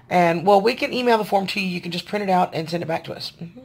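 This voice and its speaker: A woman's voice: lowish voice, fast talker, few pauses, slightly rough. A woman, venting to her viewers in a casual video diary, sounding tired and frustrated. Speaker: vlogger.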